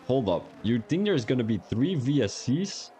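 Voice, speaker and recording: A man's voice: mid-range voice, very animated, moderate pace, warm tone, a little hiss or hum. Young man commentating a sim race. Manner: casual, joking, chats with viewers while commentating. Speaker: sim racing stream commentator. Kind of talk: live stream commentary.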